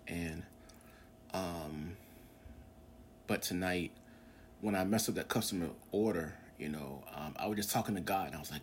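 Man, forties, very low voice, earnest, rambling podcast host, faint background noise. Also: moderate pace. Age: 40s. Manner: rambling, earnest, with many fillers and restarts. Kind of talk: casual religious podcast monologue.

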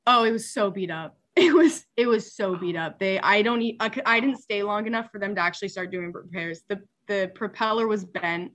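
A young woman, a superyacht stewardess, telling a story in casual chat, animated and laughing, with many filler words. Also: mid-range voice, a little fast, hardly any pauses.

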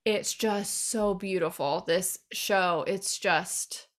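A woman's voice: medium pitch, slow pace, a bit bright. Rambling, chatty woman podcast host. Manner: chatty, rambling with many fillers and laughs. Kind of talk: casual chat.

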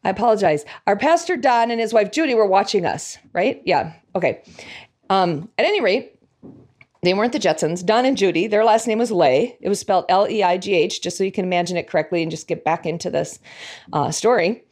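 A woman's voice: mid-range voice, lively intonation, fairly quick, a little mellow. A middle-aged woman telling a personal story in a devotional talk. She talks in a chatty, reflective way, laughs at herself and sometimes loses her thread. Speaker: devotional speaker.

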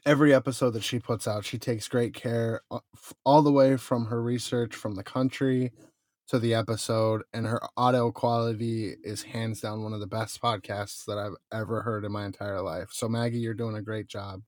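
A man's voice: fairly low pitch, flat delivery, normal speed, a little mellow, no room sound. A man hosting a podcast in casual chat, conversational, with many "you know" fillers. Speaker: podcast host.

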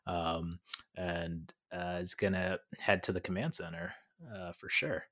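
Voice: deep voice, level tone, unhurried, a bit bright. An easygoing player in a tabletop game session who laughs often.

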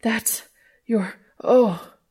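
A woman voicing an eager adult man in a story reading, her voice low and murmured. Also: unhurried, gravelly, a little mellow, slightly rough, exaggerated voice. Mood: breathy, pleading.

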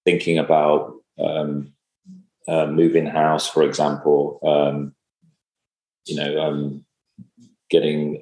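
A man in casual conversation, speaking in a halting, reflective way with many fillers and restarts. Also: a bass voice, completely flat delivery, darkish tone. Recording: echoey room.

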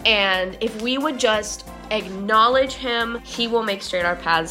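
A woman's voice: on the high side, slow, few pauses, sharp tone, soft background music. Chatty young woman hosting a devotional. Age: young adult. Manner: chatty, upbeat, uses "like" a lot. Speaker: podcast devotional host. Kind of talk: casual devotional talk.

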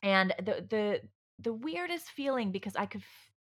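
On a podcast, a woman tells her own story in casual chat, rambling and candid, full of fillers and restarts, and she swears freely. Her mid-range voice is expressive and moves at a moderate pace.

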